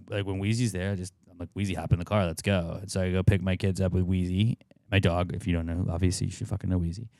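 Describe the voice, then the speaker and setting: A man's voice: lowish voice, clean tone, no room sound, studio quality. A man in his thirties, co-hosting a podcast, who tells rambling, profane stories full of filler words in casual chat. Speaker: podcast co-host.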